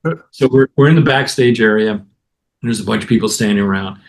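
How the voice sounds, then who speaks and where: A man, a guest musician, casually telling an animated anecdote and acting out other people's lines. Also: on the low side, quick pace. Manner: animated anecdote with acted-out quotes. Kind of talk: casual storytelling.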